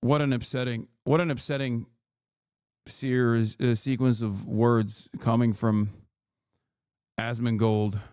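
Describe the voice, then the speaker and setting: A man's voice: medium pitch, flat delivery, slow, pauses often, a little mellow, clear, resonant tone, dry recording, clean studio sound. A man in his thirties commenting on videos during a live stream, sarcastic and mocking and often laughing.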